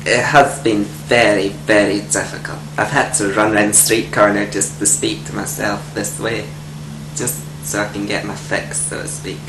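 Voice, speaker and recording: A man playing a timid, soft-spoken young man. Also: lowish voice, level tone, moderate pace, natural voice. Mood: prim. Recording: echoey room with air-conditioning hum.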